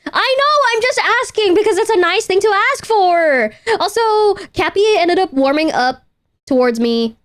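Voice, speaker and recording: High-voiced chatty young woman streamer. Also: expressive, unhurried. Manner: chatty, self-interrupting, playful, swears casually. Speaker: VTuber streamer. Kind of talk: casual livestream chat.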